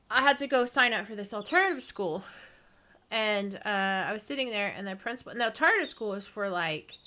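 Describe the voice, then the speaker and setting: A woman chats casually with her viewers, rambling and poking fun at herself. She laughs often. Her voice sits a bit high and rings bright. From East Texas. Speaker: streamer reading viewer comments. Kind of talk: casual chat.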